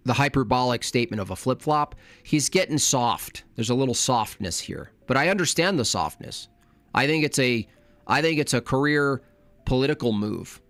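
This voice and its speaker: A man's voice: medium pitch, fairly bright tone, no echo. A man hosting a reaction commentary, talking in a blunt, argumentative and sardonic way. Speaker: commentary channel host.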